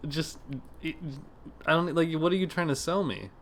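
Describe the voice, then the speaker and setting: A man on a casual gaming podcast, telling a story in a lively way, laughing and swearing and mimicking the people he talked to. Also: a little high, normal speed. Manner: animated, laughing, mimics callers, swears freely. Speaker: podcast co-host.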